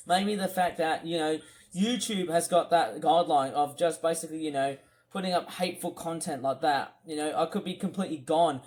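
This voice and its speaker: Male YouTuber, high-pitched, ranting furiously, shouts and scolds in repetitive bursts. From United Kingdom. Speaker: YouTuber ranting about a streamer. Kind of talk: angry reaction rant.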